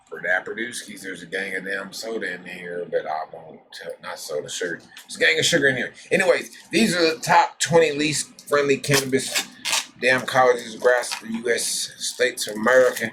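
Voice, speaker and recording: Rambling low-voiced man hosting a stream. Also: a little fast, bright, forceful tone, slight background noise, poor audio. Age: adult with a daughter. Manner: rambling, loose, swears often; reads lists aloud with side remarks. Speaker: host of a cannabis news show. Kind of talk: casual live-stream chat.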